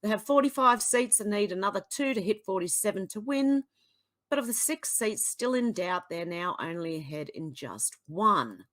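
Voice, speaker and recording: An Australian woman reading out social media posts and reacting to them bluntly, with frequent exasperated sighs and sudden sharp retorts. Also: mid-range voice, expressive, moderate pace. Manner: exasperated, blunt, swings between sighs and outbursts. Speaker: political commentary vlogger.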